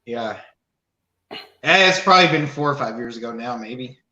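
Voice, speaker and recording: A man's voice: mid-range voice, lively intonation, normal speed, pushed and bright, echoey room. A man chatting as a guest on a beer live stream, easygoing and drawn out. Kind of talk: casual chat.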